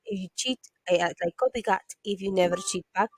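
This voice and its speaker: A woman's voice: medium pitch, brisk, slightly rough. A woman voicing a male detective character from a game, laying out his strategy methodically.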